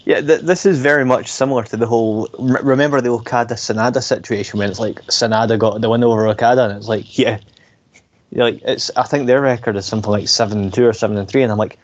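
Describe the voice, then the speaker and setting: A man's voice: medium pitch, steady tone, fast talker. A man co-hosting a podcast, ranting bluntly and swearing freely in casual chat. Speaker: podcast co-host. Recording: dull lo-fi recording.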